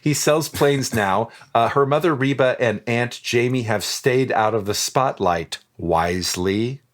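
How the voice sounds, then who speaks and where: A man's voice: mid-range voice, unhurried. Hesitant man recounting a story. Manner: hesitant, many ums and restarts while recounting facts. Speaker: podcast co-host presenting the story. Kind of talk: casual podcast banter.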